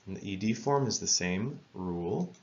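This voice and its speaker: A man teaching English spelling rules in a careful, measured lesson narration, spelling words out letter by letter. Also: deep voice, expressive, muffled recording.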